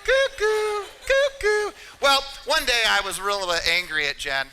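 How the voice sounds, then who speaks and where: A middle-aged man with a high, very bright and forceful voice gives a live motivational talk. He talks emphatically and speaks straight to the audience. His voice rings with the long reverb of a big hall. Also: normal speed, clean tone. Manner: energetic, emphatic, addresses audience directly. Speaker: motivational speaker at a real estate seminar.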